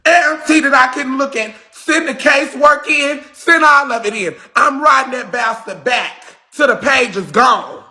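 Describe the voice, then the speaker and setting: A man hosting a livestream, delivering a heated, confrontational rant with shouting and cursing. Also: very high voice, moderate pace, few pauses. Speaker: livestream host.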